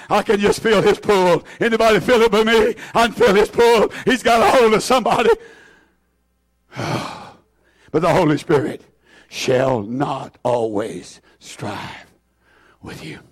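Male preacher with a high voice and a fervent church-sermon delivery. Repeats phrases, drops lots of "uh"s, and swings between shouting and near-whispers. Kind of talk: impassioned sermon.

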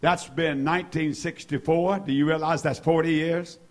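A man's voice: a little high, fairly even intonation, normal speed. A man, preaching a fervent sermon in a church service and repeating his praise phrases. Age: 70s. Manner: fervent, repetitive, exclaims hallelujah.

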